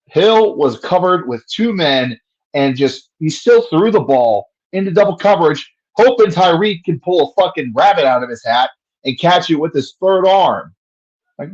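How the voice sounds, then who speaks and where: A man's voice: a little high, animated, normal speed, highs cut off. A man giving casual play-by-play commentary on a fan livestream, profane and frustrated, ranting between plays.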